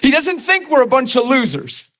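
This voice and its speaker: A middle-aged man, preaching a sermon in a conversational, animated way, with asides to the congregation. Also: very high-pitched, normal speed. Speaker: pastor.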